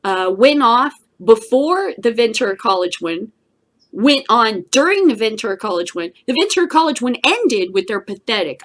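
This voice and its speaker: Middle-aged woman, vlog host, casual rant, curses a lot, laughs often, fairly high voice. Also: moderate pace. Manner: animated, laughs often, swears. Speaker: host of a daily news vlog.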